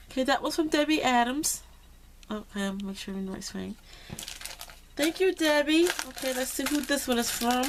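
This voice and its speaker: With a high-sitting voice at a moderate pace and a little background noise, this woman opens her happy mail of crafted cards on a relaxed vlog. She's excitable and gushing, tossing in "y'all" as she goes.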